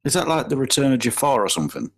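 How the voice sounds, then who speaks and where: A man's voice: mid-range voice, big pitch swings, racing, low-quality recording. A British man as a podcast guest, teasing and sarcastic in casual banter and swearing a lot.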